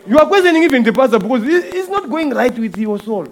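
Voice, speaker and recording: High-voiced man preaching conversationally. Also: very animated, fast. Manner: conversational preaching with acted-out quotes and rhetorical questions; repeats words and restarts mid-phrase. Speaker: guest preacher. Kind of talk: sermon.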